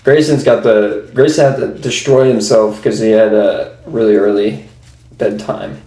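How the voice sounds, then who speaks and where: A man's voice: on the low side, fairly even intonation, normal speed, mellow. Young man telling stories with a laugh. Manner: laughing storyteller, imitates people he met. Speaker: podcast co-host. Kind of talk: casual chat. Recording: roomy echo.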